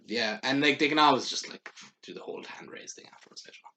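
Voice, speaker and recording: Bright-voiced man in rambling banter. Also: medium pitch, fast, a little hiss or hum. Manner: rambling, laughs often, acts out quotes. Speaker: podcast co-host. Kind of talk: casual wrestling chat.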